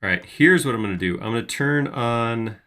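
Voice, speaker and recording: A man's voice: medium pitch, lively intonation, a little fast, pushed and bright. A man hosting a live 3D modeling tutorial, casually thinking aloud as he works. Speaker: host modeling in 3D software.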